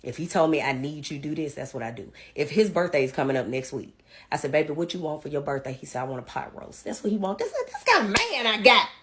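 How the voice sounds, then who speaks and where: A woman's voice: sits low, big pitch swings, fast talker, a bit bright, a little hiss or hum. A woman guest on a podcast, telling an emphatic story in casual chat. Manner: storytelling, quoting others, emphatic.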